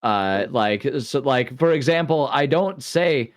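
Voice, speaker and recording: A man's voice: medium pitch, animated, slow pace, no room sound. Midwestern guy rambling on a podcast, lots of restarts, laughs easy, dry mic. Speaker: podcast co-host. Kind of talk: casual podcast chat.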